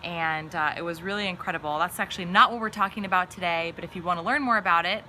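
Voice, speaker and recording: Young woman, co-host, casual chat, teasing, bright voice, faint background noise. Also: lowish voice, fast. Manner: chatty, teasing, with fillers. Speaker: podcast co-host. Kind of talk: casual live-stream chat.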